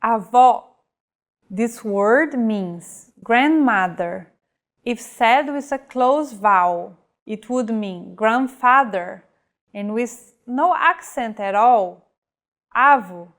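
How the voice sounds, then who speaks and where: Slow, careful woman teacher. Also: on the high side, lively intonation, a bit bright. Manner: slow, careful delivery, modelling example words. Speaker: language teacher. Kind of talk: scripted lesson narration.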